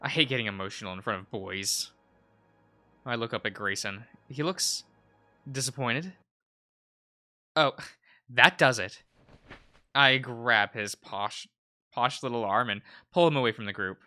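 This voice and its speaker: A man's voice: mid-range voice, unhurried, pauses often, pushed and bright, faint music behind. A man voicing an earnest, blunt teenage girl who narrates a visual novel in first person, close to tears. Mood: upset. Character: teenage girl protagonist, blunt, fed up with boys.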